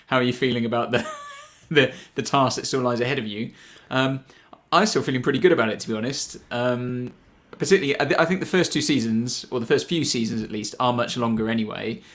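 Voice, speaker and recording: A man's voice: medium pitch, brisk, hardly any pauses, fairly bright tone. A man co-hosting a casual livestream chat, talking loosely with frequent laughs and fillers. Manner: chatty, laughs often, many fillers and restarts. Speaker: podcast co-host.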